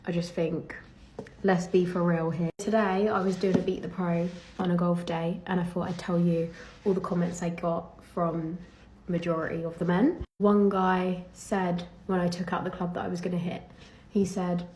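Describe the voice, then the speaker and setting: Young english woman, pro golfer, venting casually to her phone, lowish voice. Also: level tone, normal speed, darkish tone. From England. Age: young adult. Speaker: professional golfer. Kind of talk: casual vlog rant to camera.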